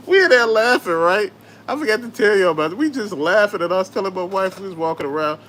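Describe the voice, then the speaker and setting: A man's voice: high voice, expressive, moderate pace, a bit bright. Man, middle-aged, Southern US accent, casual livestream host, rambling storyteller, curses a lot, faint background noise. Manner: laid-back, swearing, storytelling, reads chat aloud. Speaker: toy collector livestream host.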